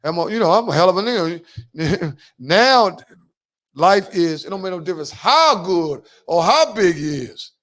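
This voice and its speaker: A man's voice: high voice, expressive, unhurried, fairly bright tone. Slangy DC man hosting a podcast. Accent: Washington DC. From Washington DC. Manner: slangy, emphatic storytelling with heavy street talk. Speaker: podcast host. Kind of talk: casual podcast talk.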